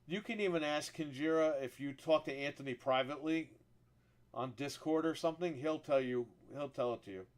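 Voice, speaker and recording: A man streaming live, chatting casually about his console setup. He rambles, swears freely and gets animated when he tells a story. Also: fairly high pitch, fairly quick. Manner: profane, rambling and animated when telling stories.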